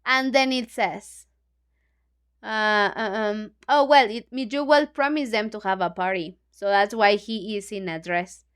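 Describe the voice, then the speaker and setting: A woman teacher with a Mexican Spanish accent reading a children's book aloud in an English class, pausing to explain and gloss lines in Spanish. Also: medium pitch, fairly bright tone, clean tone. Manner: chatty, hesitant, many fillers, glosses lines in Spanish.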